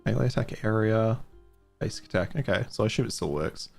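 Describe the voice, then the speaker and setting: A chatty man with a mild Australian accent, streaming a game and thinking aloud as he plays. His voice is low but swings widely, and he laughs easily. Faint game music plays behind him. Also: animated, fairly quick, creaky. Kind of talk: casual live-stream commentary.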